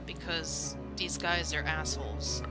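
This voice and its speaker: Jersey-accented female streamer, dry-throated, exasperated, loud game music behind. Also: low voice, fairly even intonation, unhurried. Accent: New Jersey. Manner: exasperated, chatty, stumbling over repeats. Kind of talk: casual let's-play chat.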